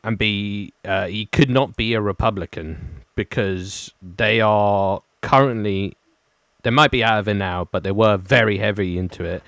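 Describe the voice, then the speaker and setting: A man's voice: on the low side, vocal fry, a bit bright, clean tone, dry recording, dull audio. A man co-hosting a podcast, telling a news story hesitantly with many ums and restarts. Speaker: podcast co-host. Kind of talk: casual chat, reading a news story.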